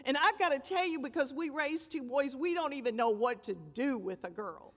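An older woman preaching a sermon, telling the story dramatically and with emphasis, swelling loud and dropping to a hush. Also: high-pitched, lively intonation, normal speed. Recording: long hall reverb.

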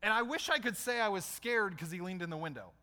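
A man's voice: high voice, lively intonation, quick pace, sharp tone. A middle-aged man preaching a conversational sermon as a pastor, putting questions to his listeners.

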